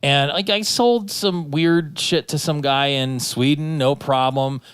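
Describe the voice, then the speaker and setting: A man's voice: on the high side, takes it slowly, a bit bright, clear, resonant tone, no room sound. A man telling long, rambling stories with lots of swearing in a casual podcast chat. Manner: rambling storyteller, profane, restarts a lot.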